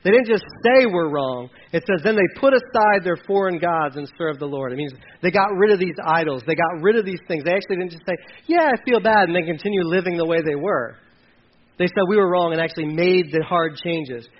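A man's voice: high voice, brisk, lo-fi sound. A man teaching a sermon in a conversational way, reading scripture aloud between plain explanations with fillers and restarts. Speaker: preacher.

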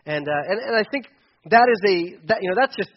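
A man's voice: high-pitched, lively intonation, a little fast, muffled recording, a little hiss or hum. A middle-aged man preaching, telling a personal story candidly with a self-deprecating touch and many fillers and restarts. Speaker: pastor. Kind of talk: sermon storytelling.

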